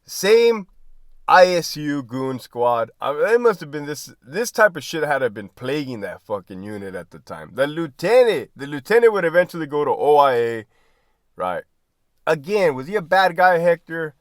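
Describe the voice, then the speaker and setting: A former prison guard spins his stories in a loose, profane way, breaking into laughter and checking in with "right?". His voice sits a bit high for a man and swings widely in pitch. The sound is dry and close. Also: no echo. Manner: profane, laughs often mid-sentence; animated, asks "right?" constantly. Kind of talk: casual storytelling.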